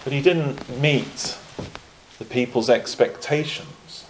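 A man preaching a sermon in a measured way, pausing often and restarting phrases. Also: medium pitch, slight background noise, rough recording. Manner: measured, with frequent pauses and restarts.

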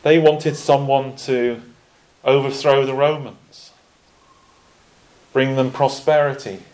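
A man preaching a sermon in a measured way, pausing often and restarting phrases. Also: mid-range voice, fairly even intonation, darkish tone, rough recording. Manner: measured, with frequent pauses and restarts.

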